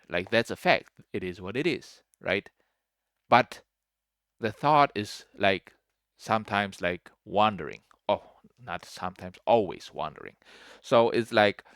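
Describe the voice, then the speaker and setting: Man, low pitch, tense bright tone, casual rambling reaction talk, trailing off softly. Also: no echo, clean studio sound. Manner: rambling and musing, many "like" fillers, trails off quietly. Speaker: spiritual commentator reacting to a video.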